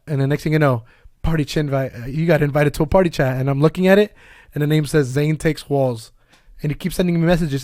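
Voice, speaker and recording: A man co-hosting a casual gaming podcast, telling a story fast and animatedly, with swearing and laughs. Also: a little high, darkish tone, no room sound, clean studio sound. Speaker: podcast co-host. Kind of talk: casual chat among friends.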